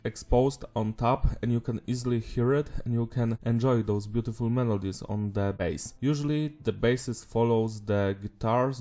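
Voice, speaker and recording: A man's voice: medium pitch, dark tone. A man reviewing a metal album in a casual, enthusiastic way, gushing with praise. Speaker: music reviewer.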